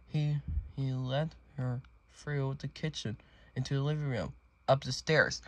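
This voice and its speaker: Halting, slow storybook reader. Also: mid-range voice. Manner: halting reading with restarts and repeated words. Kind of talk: read-along of a picture book.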